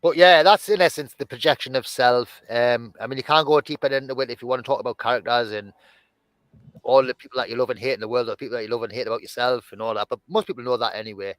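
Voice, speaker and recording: A man's voice: mid-range voice, fast, a bit bright, no echo, poor audio. A man talking as a guest in an unscripted conversation, rambling and restarting his thoughts. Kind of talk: casual conversation.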